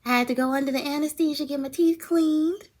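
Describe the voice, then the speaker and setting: A woman voicing her small, chatty female pet dog in a high, cutesy baby-talk voice. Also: steady tone, brisk, a little hiss or hum, lightly acted. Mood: sweetly sorry.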